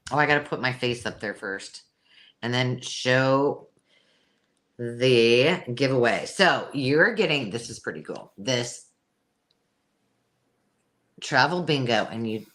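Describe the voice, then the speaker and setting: A woman's voice: rumbling low, animated, takes it slowly, pauses often, a bit bright. A woman co-hosting a live craft supply sale, chatting casually and rambling with restarts. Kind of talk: casual live-stream chat.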